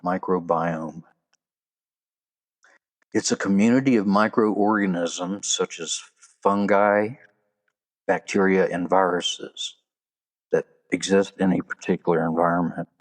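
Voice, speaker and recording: A man's voice: low-pitched, steady tone, measured pace, pauses often. A man hosting a solo podcast, sharing trivia and jokes in a folksy, casual way. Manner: folksy, joking delivery with trivia. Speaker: podcast host.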